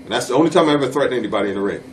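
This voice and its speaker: A man's voice: medium pitch, animated, racing, distant mic, a little hiss or hum, rough recording. Blunt man telling stories, mic set back. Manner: blunt and plain-spoken, slipping into dialect grammar. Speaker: interviewee, former pro wrestler. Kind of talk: casual storytelling in a shoot interview.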